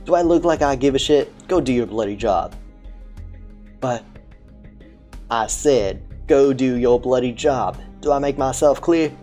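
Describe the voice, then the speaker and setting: A woman voicing a crude, lazy male police commissioner, gruff and swearing, in a game playthrough. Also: a bass voice, expressive, unhurried, long pauses, mellow, faint music behind. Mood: bossy.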